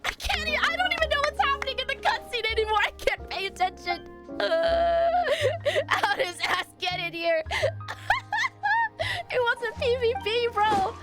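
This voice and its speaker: Excitable woman gamer, squeaky high pitch, drawn-out delivery, shrieky reactions over game music. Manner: excitable, shrieking and laughing at the screen. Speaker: streamer. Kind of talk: live gameplay stream commentary. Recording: game music playing behind. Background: game soundtrack.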